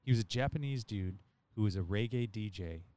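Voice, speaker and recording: A man's voice: lowish voice, brisk, a little mellow. Laid-back man telling a rambling story. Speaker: podcast host. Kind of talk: casual storytelling chat.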